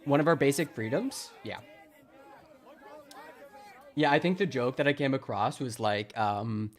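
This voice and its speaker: A man from Wisconsin livestreams casual commentary, joking sarcastically, laughing a lot and chatting with viewers. His mid-range voice is unhurried, and a faint crowd can be heard.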